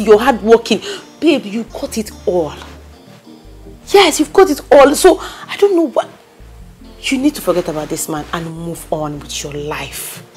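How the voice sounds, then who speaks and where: An actress playing a loyal, bossy best friend with a Nigerian accent in a film drama, talking insistently and repeating herself. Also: female voice, medium pitch. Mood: coaxing. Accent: Nigerian, with Pidgin English. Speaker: consoling friend.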